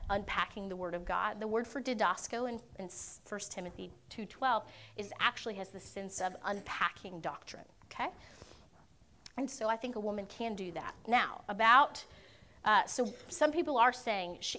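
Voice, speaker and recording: A woman answers questions at a conference session, talking earnestly and often pausing to check in with her listeners. Her voice sits in an ordinary middle pitch. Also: a bit bright. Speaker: conference speaker. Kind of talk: Q&A teaching talk. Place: university conference room.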